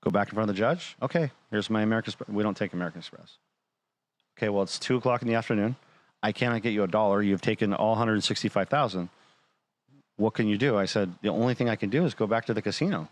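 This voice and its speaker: Man, lowish voice, animated storyteller who voices the people he quotes, blunt and profane. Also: fast talker. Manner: animated retelling, acting out quoted dialogue; blunt, swears freely. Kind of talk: casual storytelling.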